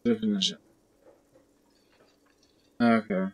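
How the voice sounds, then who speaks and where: A woman streamer playing a video game, talking casually and reacting in an animated, exclaiming way. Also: rumbling low, slow pace, creaky, slightly rough. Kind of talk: game let's-play with read-aloud dialogue.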